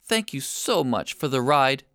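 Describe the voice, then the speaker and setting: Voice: medium pitch, sing-song, a little slow, fairly bright tone, dry recording, clean studio sound. A reader voicing a tiny, kind and cheerful young female turtle in a storybook read-aloud. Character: tiny friendly hurt sea turtle girl.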